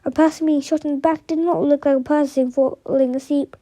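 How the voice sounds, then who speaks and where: Woman reading a novel aloud, high pitch, mellow tone, stumbling, restarts words. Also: steady tone, brisk. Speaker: reader of an audiobook.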